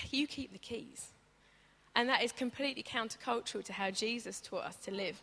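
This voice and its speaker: A woman's voice: fairly high pitch, a bit bright. A woman preaching a conversational sermon, chatty and humorous, acting out stories as she goes. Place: church hall. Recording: reverberant church hall.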